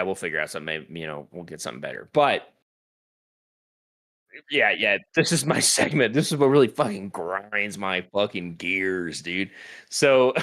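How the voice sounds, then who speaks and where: Animated, profane male podcast ranter. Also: on the low side. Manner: profane, animated, laughing often. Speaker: podcast co-host. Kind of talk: casual podcast rant.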